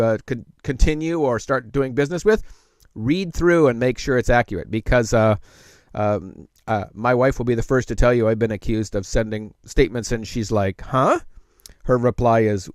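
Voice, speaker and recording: A middle-aged man walks viewers through a tech tip in a relaxed, conversational way, with plenty of fillers and restarts. His voice sits at an ordinary middle pitch. The recording is dry and close, with no room sound. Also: no room sound. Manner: slows to speak very deliberately when dictating. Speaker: tech tutor host. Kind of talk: casual tech tutorial.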